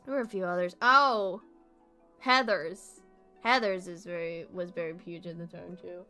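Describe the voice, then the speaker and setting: Bright-voiced young woman streamer, animated. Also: lowish voice, a little slow, long pauses, soft background music. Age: young adult. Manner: animated, heavy swearing, frequent laughter. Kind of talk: casual chat stream.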